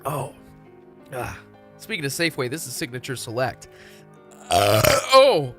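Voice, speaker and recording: A man's voice: mid-range voice, normal speed, sharp tone, faint music behind. A young man from Texas, chatting casually and profanely on a live stream. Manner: rambling, profane, laid-back.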